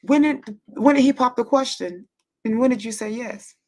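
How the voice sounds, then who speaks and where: A woman's voice: fairly high pitch, normal speed, darkish tone. A woman hosting a casual livestream, gushing and emotional, close to tears, who stammers and repeats herself. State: moved to near tears. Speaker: livestream host.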